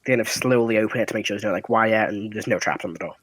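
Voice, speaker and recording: A man's voice: on the low side, racing, a bit bright, no room sound. A man running a tabletop game as dungeon master, narrating scenes casually with fillers and laughs.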